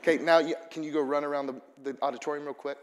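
A man's voice: a little high, fairly even intonation, very fast, in a large hall, a little hiss or hum. A man preaching a sermon to his congregation, earnest and building to fervent emphasis. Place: church auditorium.

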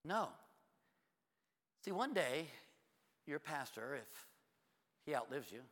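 A man preaching a sermon as a pastor, telling stories in an animated way and jumping to loud, high exclamations. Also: slow, long reverb tail.

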